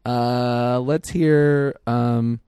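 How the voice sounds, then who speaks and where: A laid-back man co-hosting a podcast, joking with deadpan asides. His voice is gravelly and mellow, and it sounds dry and close to the mic. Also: medium pitch, extremely slow, no room sound. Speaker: podcast co-host; drama teacher. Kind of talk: casual chat.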